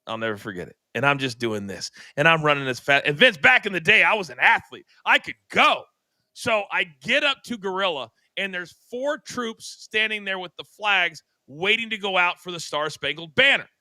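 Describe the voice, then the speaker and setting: An older man spins a backstage story with theatrical energy, acting out sound effects as he goes. His voice is bright, forceful and a bit high, and it sits dry and close on the mic. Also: big pitch swings, moderate pace, dry recording. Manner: dramatic, acts out scenes and sound effects. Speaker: co-host. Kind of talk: animated storytelling.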